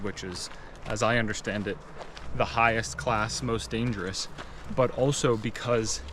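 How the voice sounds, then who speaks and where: A man's voice: medium pitch, a bit bright, slight background noise. A man co-hosting a travel vlog outdoors, easygoing and encouraging. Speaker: travel vlogger. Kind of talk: casual travel vlog chat. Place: outdoors on a trail.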